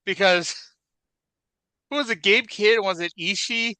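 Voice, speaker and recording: A man's voice: high-pitched, unhurried, bright, forceful tone, clean tone, no echo, rough recording. A man co-hosting a wrestling podcast in casual chat, wry and chatty with hedging asides, on a close mic. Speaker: podcast co-host.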